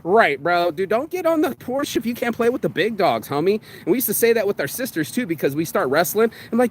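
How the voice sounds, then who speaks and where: A man's voice: high-pitched, sing-song, fairly quick, few pauses. A man hosting his own vlog, delivering a blunt, profane motivational rant full of street slang and calling the listener bro. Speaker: vlog host.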